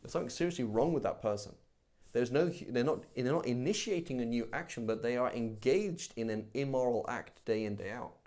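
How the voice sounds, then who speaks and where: A man teaching a live religious class in a conversational, animated way, acting out everyday examples. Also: medium pitch, brisk. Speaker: Islamic teacher.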